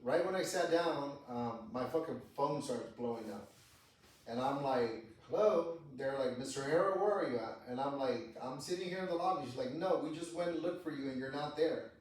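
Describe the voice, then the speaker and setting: A man's voice: mid-range voice, normal speed. Man telling a story, echoey room. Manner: profane, animated retelling with quoted dialogue. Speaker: podcast host telling a personal story. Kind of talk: casual storytelling. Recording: echoey room, distant mic.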